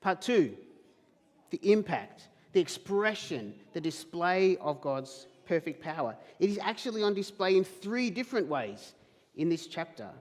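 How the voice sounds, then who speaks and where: A man's voice: sits high, very animated, measured pace, in a large hall. A man preaching a sermon as pastor, emphatic, acting out quoted questions. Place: church hall.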